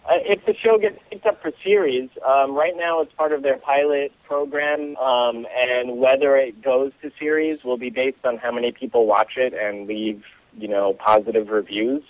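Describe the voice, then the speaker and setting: A man being interviewed as an actor, talking casually and haltingly with many fillers and restarts. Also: medium pitch, fairly even intonation, dry recording. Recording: tinny phone line, dry.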